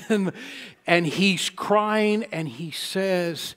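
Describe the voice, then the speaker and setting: Pastor guy preaching, kinda high voice, lots of echo in the church. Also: takes it slowly. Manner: storytelling preacher, swelling to loud emphatic peaks. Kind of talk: sermon. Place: church sanctuary. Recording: long church-hall reverb.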